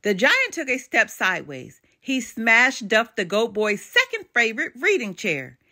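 An older woman reads a children's picture book aloud, her voice bright and lively as it swings through the story. She tells it with animated expression and well-placed dramatic pauses, pitched a touch high.

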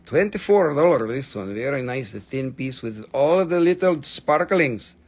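A man hosting a live stream selling crystals, with a playful, jokey, rambling way of talking and drawn-out excited exclamations. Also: mid-range voice, slightly rough. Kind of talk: casual live sales stream.

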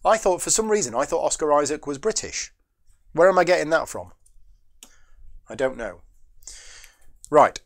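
A man's voice: on the high side, animated, normal speed, creaky, pauses often. A man hosting a solo board game playthrough, thinking his moves through aloud, asking and answering his own questions, and chatting with viewers between moves. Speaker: board game channel host.

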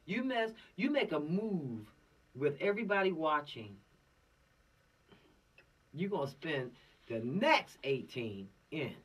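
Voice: mid-range voice, pushed and bright, distant mic. A law course instructor giving an informal, preachy lecture with streetwise slang.

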